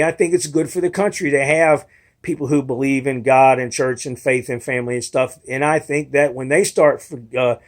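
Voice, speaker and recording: A young man with a slightly high-pitched voice rambles through a casual monologue to his viewers. He restarts his sentences often and sounds argumentative and frustrated as he makes his case. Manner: rambling, restarts often, mimics others in quotes. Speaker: video blogger.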